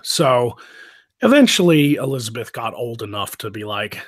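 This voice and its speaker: A man hosts a live stream, casually chatting and telling loose stories packed with swearing and laughter. His medium-pitched voice is very animated at a moderate pace.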